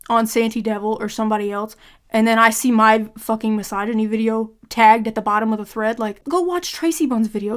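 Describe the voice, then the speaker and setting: A young woman, a gaming content creator, ranting bluntly and with exasperation to her audience, with heavy swearing. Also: a little high. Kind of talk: ranting vlog monologue.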